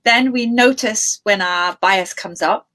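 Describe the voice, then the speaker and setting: A woman's voice: mid-range voice, slow pace, a bit bright. A woman interviewer who thinks aloud, often restarting her sentences. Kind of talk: conversational interview.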